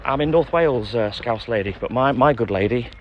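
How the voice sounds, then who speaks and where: A man chatting live from his milk round, reading out viewer comments and giving friendly shout-outs by name. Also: medium pitch, brisk, dull audio, heavy background noise. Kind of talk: casual live-stream chat reading out comments.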